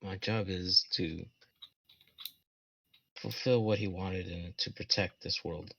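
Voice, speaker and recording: A man's voice: low-pitched, takes it slowly, gravelly, muffled recording, slight background noise, heavily acted. A man playing a terse stoic warforged construct. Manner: terse, flat, clipped answers.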